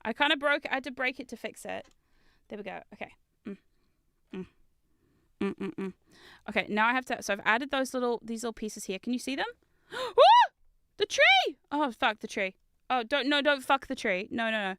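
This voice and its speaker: A woman streamer chatting casually with viewers while building Lego, excitable and giggly, and swearing when something goes wrong. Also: on the high side, a little fast, long pauses, clean tone. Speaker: VTuber streamer.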